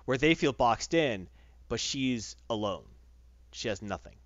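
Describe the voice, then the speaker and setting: A man retells a comic story in an easygoing podcast chat, his pitch jumping around as he slips into quick voices for the characters. The sound is dry and close, with a dull, lo-fi tone. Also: animated, fairly bright tone, no echo. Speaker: podcast host reviewing comics. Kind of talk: casual comic book recap.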